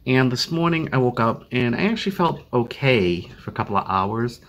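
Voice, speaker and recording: Here the chronically ill vlogger, an older man from Boston, sounds brisk and a bit bright, his mid-range voice moving with lively intonation. Still, the casual update he films at home on a phone-as-webcam is tired and rambling, packed with fillers and false starts.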